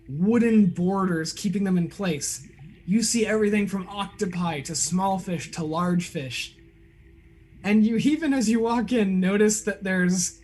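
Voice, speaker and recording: A man's voice: high voice, darkish tone. A man narrating a tabletop game as game master, describing scenes loosely with frequent "like" and "uh".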